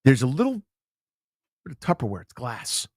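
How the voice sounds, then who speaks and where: A man's voice: medium pitch, moderate pace, dry recording. A male sports radio host telling stories in casual, playful banter into a studio mic. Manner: playful, storytelling, animated.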